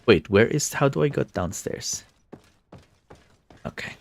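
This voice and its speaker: A man's voice: medium pitch, expressive, a little slow, gravelly. A man streaming a video game, chatting casually with his viewers, laughing often and tripping over his words. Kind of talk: casual live-stream chat.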